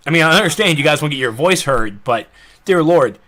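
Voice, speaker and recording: A man's voice: a little high, expressive, brisk, sharp tone. A man with a Southern accent hosting a casual live-streamed podcast, rambling with laughing, apologetic asides and a slightly dry throat. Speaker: podcast host.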